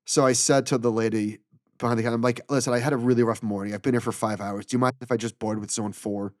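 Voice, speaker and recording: A middle-aged podcast co-host retells a story in casual chat, exasperated and animated, quoting the dialogue and voicing every part of the exchange himself. His middling-pitched voice moves at a quick pace. The recording is dry and close, with no room sound.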